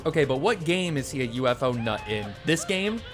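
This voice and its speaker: Very animated and brisk, this man's mid-range voice carries loose, rambling commentary as he plays a video game for his stream. Annoyance brings out sarcasm and cursing, while game music plays faintly behind him.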